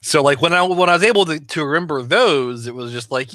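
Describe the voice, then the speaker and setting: An animated man in casual podcast chat about voicing characters, his tone bright and forward. He swears freely and talks with plenty of energy. The sound is close and dry, with no room around it. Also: mid-range voice, normal speed, few pauses, no room sound. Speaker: voice actor discussing his roles.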